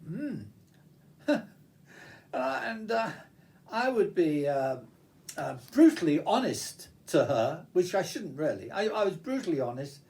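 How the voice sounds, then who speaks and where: Older man, rambling vlog monologue, fairly high, very animated pitch, lots of restarts. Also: unhurried. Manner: reminiscing, digressive, frequent restarts and fillers. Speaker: vlogger.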